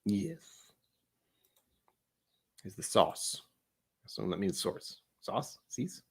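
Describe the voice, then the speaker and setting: A man's voice: fairly low pitch, big pitch swings, very slow, husky. A man vlogging a casual whiskey tasting, rambling and self-deprecating with chatty asides.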